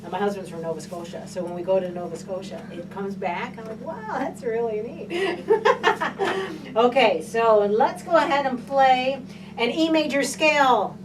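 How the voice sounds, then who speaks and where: A woman's voice: on the high side, normal speed, background noise. A woman teaching a private piano lesson, encouraging her student and counting beats aloud. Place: piano studio indoors. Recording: distant mic, loud piano playing.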